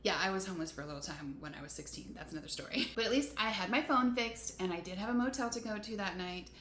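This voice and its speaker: A woman's voice: mid-range voice, fast talker, fairly bright tone, a little hiss or hum. A woman van-life vlogger casually telling a long story to camera, rambling with lots of "like" and "you know" and laughing between her frustrations. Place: motel room. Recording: roomy echo.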